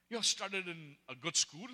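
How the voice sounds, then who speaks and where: A man's voice: a little high, bright, forceful tone, pitched above the performer's own voice, full character voice. A man voicing his disapproving mother, exasperated and incredulous, in an echoey hall.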